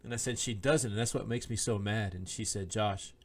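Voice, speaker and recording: A man co-hosts a faith-themed podcast in easy conversation, with a lowish voice. He tells stories from his own life, slips into the voices of the people he quotes, and laughs easily. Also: a little fast, darkish tone, a little hiss or hum. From Oklahoma. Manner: storytelling, acts out quoted lines, laughs often. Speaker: podcast co-host, minister. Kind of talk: casual chat, personal story. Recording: podcast microphone.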